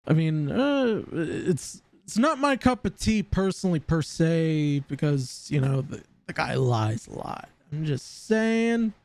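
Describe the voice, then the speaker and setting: A man's voice: on the high side, very animated, slow pace, gravelly, hardly any pauses, darkish tone, no echo. A man live-streaming casual commentary, rambling and often stammering over repeated words.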